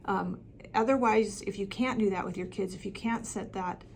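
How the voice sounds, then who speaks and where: A woman's voice: medium pitch, moderate pace, slight background noise. A middle-aged woman coaching parents with practical advice, talking plainly with frequent ums and restarts. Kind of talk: talking-head advice video.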